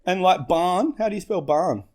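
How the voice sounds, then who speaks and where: A man's voice: high voice, expressive, normal speed, a little mellow. A man co-hosting a podcast with his brother, in casual, rambling banter that is full of swearing and self-mockery. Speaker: podcast co-host.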